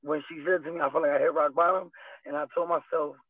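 A man's voice: a little high, steady tone, fast talker, dry recording. A young adult man speaking earnestly as an interview guest, rambling and repeating himself. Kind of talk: candid personal interview. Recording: dry, tinny phone-like line.

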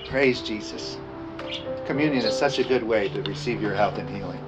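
A man preaching a communion sermon, reading scripture aloud, slowing down on key phrases and leading the congregation in repeating lines. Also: on the low side. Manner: emphatic, slows down on key phrases. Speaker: pastor. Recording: dull lo-fi sound with music behind. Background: music playing.

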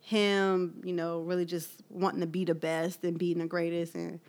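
A woman co-hosting a casual music chat, telling stories with animated laughs. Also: on the low side, normal speed. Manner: animated storytelling with loud laughs. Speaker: podcast co-host.

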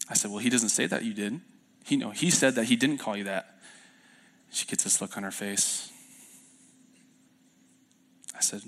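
A man's voice: on the low side, normal speed, pauses often, fairly bright tone. A young man preaching a sermon as pastor in a church, telling stories in a loose, self-deprecating way with fillers and restarts. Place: church sanctuary.

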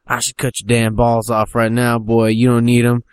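A man voicing a brutal, zealous backwoods father who threatens his son in a gruff, menacing way. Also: mid-range voice, monotone, normal speed, no echo, lightly acted.

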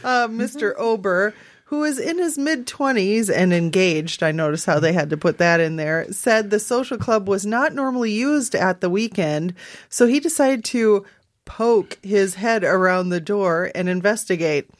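A woman co-hosting a radio show, reading out a quirky news story and laughing along with the host. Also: mid-range voice. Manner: giggly, reads in a steady measured way. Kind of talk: reading a story aloud with banter.

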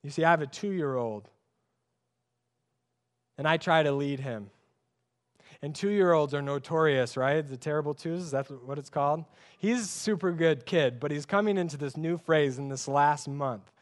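A man's voice: a little high, normal speed. A young man preaching a sermon as pastor, conversational and emphatic, with many rhetorical questions.

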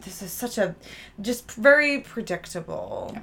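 A woman's voice: mid-range voice, huge pitch swings, a little slow, vocal fry, fairly bright tone. A woman co-hosting a casual chat, sarcastic and jokey, often acting out characters' lines. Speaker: podcast co-host. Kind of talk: casual chat about a horror movie.

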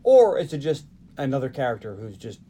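A man in his forties from the Northeastern United States hosts a casual movie podcast. He tells the story in an animated way, tossing in quick asides and laughs. His voice sits in an ordinary middle pitch. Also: slight background noise. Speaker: podcast host. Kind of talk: casual movie recap chat.

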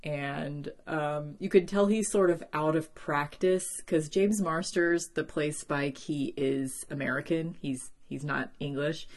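Low-voiced female host, casual solo recap, rambling with lots of "like". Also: a little slow, few pauses. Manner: chatty, many "like" and "um" fillers, animated asides.

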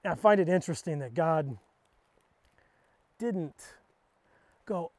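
A man's voice: on the high side, animated, slow pace, pauses often, a little mellow, no echo. A man preaching a sermon, reading scripture aloud and then exhorting his listeners with emphatic repetition.

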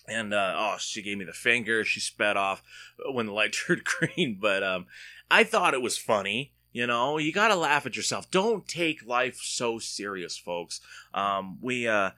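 A man's voice: mid-range voice, expressive, normal speed, bright, forceful tone. A man hosting a solo podcast from home, chatting casually in a rambling, joking way with frequent restarts. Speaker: podcast host.

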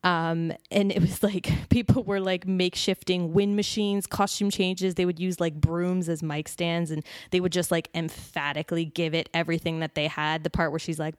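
A woman's voice: lowish voice, clear, resonant tone, no echo, clean studio sound. A woman hosting a podcast in casual, enthusiastic chat, full of fillers. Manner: chatty, enthusiastic, many fillers like "like" and "um". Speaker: podcast host.

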